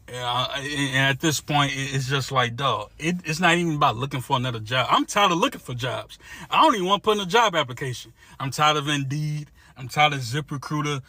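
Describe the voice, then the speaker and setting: A man's voice: mid-range voice, bright, forceful tone, dry recording. A man ranting to his phone camera about being tired of working, weary and profane, laughing through his frustration. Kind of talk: emotional rant to camera.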